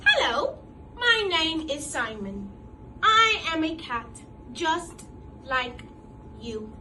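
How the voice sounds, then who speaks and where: A woman's voice: high voice, very animated, takes it slowly, recorded from a distance, background noise, heavily acted. A woman voicing a small, friendly gray kitten who speaks cheerfully in a storybook reading.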